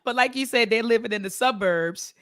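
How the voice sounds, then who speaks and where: A woman's voice: fairly high pitch, fairly quick, no echo. Woman, book club talk, conversational with fillers, dry close sound. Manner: conversational, filler-heavy, reads passages aloud. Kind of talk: casual book discussion.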